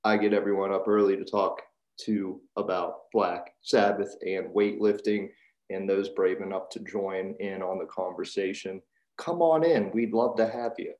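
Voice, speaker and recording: A man hosting a podcast, giving an energetic, jokey intro and promo over a video call. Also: deep voice, normal speed, muffled recording. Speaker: podcast host. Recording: roomy echo.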